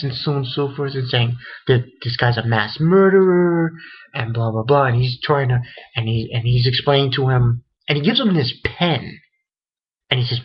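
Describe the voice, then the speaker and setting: A man's voice: medium pitch, animated, normal speed, slightly rough. A man giving a casual, rambling spoken recap of an anime episode, full of fillers and swearing. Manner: rambling, loose, swears a lot, many fillers. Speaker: anime reviewer. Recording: dull lo-fi recording.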